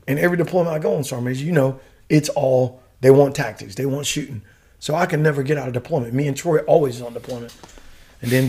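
Fast-talking profane storyteller man. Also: fairly high pitch, a little mellow, husky. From United States. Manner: profane, laughing, slangy with dude and bro. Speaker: guest, retired Army warrant officer. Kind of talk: casual storytelling.

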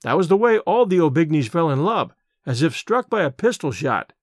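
A male audiobook narrator reads a literary tale with animated, lively melody, his voice sitting a little high for a man. He leans into descriptive passages, slowing to savor them. The sound is close and dry. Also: dry recording. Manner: expressive storytelling, slows on imagery.

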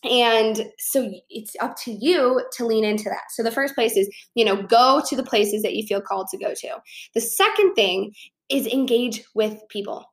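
Young woman vlogger, chatty storyteller, a touch higher-pitched voice, casual and animated delivery. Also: normal speed. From Chicago, USA. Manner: chatty, animated, lots of fillers like "like" and "you know". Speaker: vlogger giving social tips.

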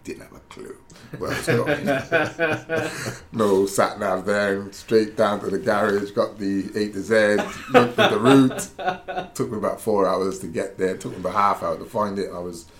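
A lower-voiced man talks in a relaxed, casual way, drifting into animated stories about his playing days with frequent restarts. A faint background hiss sits under the voice. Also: unhurried, roomy sound. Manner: animated storyteller, many restarts. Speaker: pundit, former footballer. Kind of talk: casual chat, storytelling.

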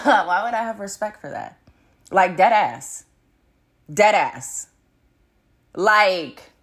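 Solo podcast host, woman, mid-pitched and very lively, blunt and profane, laughs mid-rant. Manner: blunt and profane, swinging between loud emphasis and low muttering; laughs between points.

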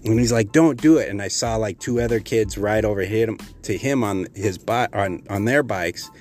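A man's voice: on the low side, steady tone, normal speed, soft background music. A man from Texas telling a rambling childhood story, casual and profane, full of fillers and restarts.

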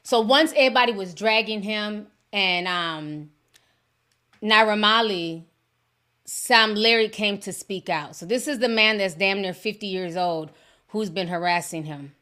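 A woman's voice: medium pitch, a little slow, pushed and bright. A woman hosting a celebrity news vlog, blunt and sassy, talking straight to her viewers. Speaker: host.

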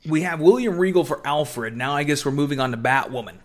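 A man's voice: a little high, animated, fairly quick. A man hosting a podcast in casual, rambling chat, swearing now and then. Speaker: podcast host.

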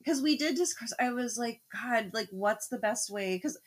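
A woman's voice: on the high side, normal speed, slightly rough. Wry woman podcast co-host. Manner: wry, joking. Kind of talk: casual reaction chat.

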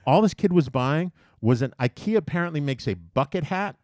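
A man's voice: on the high side, a little fast, no echo, clean studio sound. A man telling a long story in casual chat, swearing freely and acting out what people said to him. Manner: animated, profane, mimics people in his story. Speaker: podcast host telling a story.

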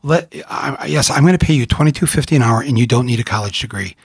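A middle-aged man from Michigan hosting a conversation, rambling and animated, with frequent restarts and laughs. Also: mid-range voice, fast talker, dry recording, clean studio sound. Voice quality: husky. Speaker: host. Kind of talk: casual conversation.

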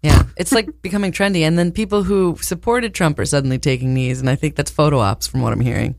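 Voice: mid-range voice, quick pace, creaky, dry recording. A podcast co-host trading teasing quips in casual banter.

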